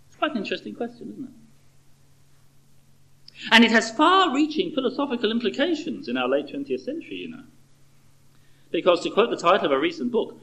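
A middle-aged man preaching with a lively voice that swoops up and down, set a little above the usual male pitch. He moves from storytelling into rhetorical questions, conversational and animated throughout the sermon. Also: fairly quick, long pauses, rough recording.

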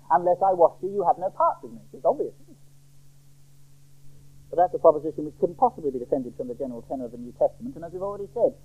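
Male preacher, animated high voice, emphatic sermon delivery, lo-fi phone-quality recording. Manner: emphatic, rhetorical questions. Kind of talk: expository sermon.

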